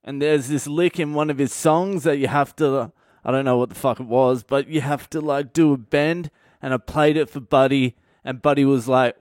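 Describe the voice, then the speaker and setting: A man with an Australian accent doing a comic storytelling monologue, blunt and profane with a deadpan delivery. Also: medium pitch, moderate pace, no room sound, studio quality. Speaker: stand-up comedian.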